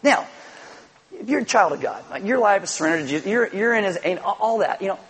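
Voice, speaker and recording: A man's voice: high voice, fairly quick, breathy edge, rough recording. A middle-aged man preaching a sermon to his congregation, telling stories and acting out little quotes. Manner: animated storytelling with acted-out quotes. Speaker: pastor.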